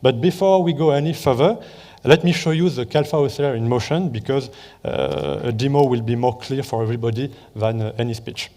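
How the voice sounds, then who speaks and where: A man with a French accent delivers a conference talk in careful, hesitant English, stopping often for fillers and self-corrections. His voice is mellow and rather dark. The sound carries the long reverb of a large hall. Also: mid-range voice, brisk. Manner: hesitant, many fillers and restarts. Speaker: conference presenter. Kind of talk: conference talk with live demo.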